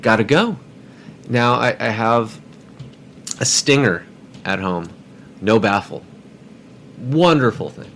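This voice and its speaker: A man's voice: mid-range voice, animated, takes it slowly, long pauses, fairly bright tone, a little hiss or hum. A man telling a story casually on a podcast, rambling and repeating words as he goes.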